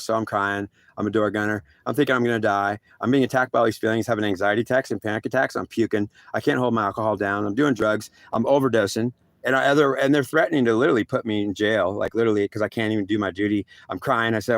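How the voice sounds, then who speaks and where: A man's voice: on the low side, fairly even intonation, fast talker, dry recording, clean studio sound. An older man, a veteran, telling an intense personal story in a rambling, self-critical way with many restarts. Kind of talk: emotional personal monologue.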